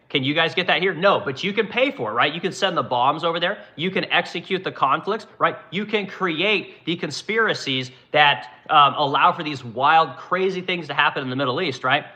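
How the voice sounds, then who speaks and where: A man's voice: a little high, animated, fairly quick, bright, forceful tone. A man delivering a heated, profane political rant to his viewers, rambling and asking "right?" as he reads comments. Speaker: live-stream host reading comments.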